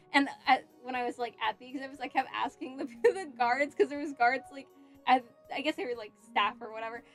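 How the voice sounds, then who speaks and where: A woman's voice: sits high, a bit bright. A young adult woman chatting casually on a cosplay livestream while she works, telling stories with frequent giggles. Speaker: cosplay streamer.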